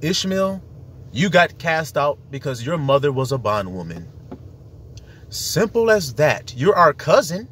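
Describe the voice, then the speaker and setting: A man's voice: a little high, sing-song, unhurried, fairly bright tone, a little hiss or hum. A man preaching in a casual, profane monologue, citing scripture in slangy street talk and laughing as he acts out what others say. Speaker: self-styled preacher.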